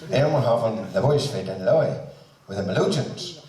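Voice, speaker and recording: A man's voice: fairly low pitch, animated, normal speed, warm tone. A man with a Northern Irish accent compering a band concert, chatty and teasing as he tells stories between introductions. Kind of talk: joking stage introductions. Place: concert hall. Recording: echoey hall from far off.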